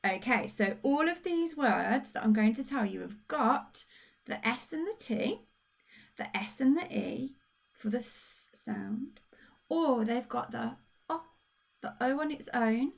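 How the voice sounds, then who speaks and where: A woman with a Birmingham accent, a primary school teacher recording a phonics lesson for young children, patient and encouraging, spelling out sounds slowly. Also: mid-range voice, vocal fry. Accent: Birmingham (Brummie).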